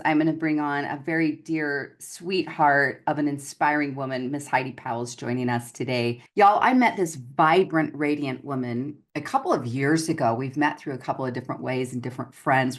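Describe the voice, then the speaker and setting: A woman hosting an online gratitude series, introducing her guest in an effusive, gushing way. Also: deep voice. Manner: effusive and gushing, calls listeners "y'all". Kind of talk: enthusiastic livestream interview.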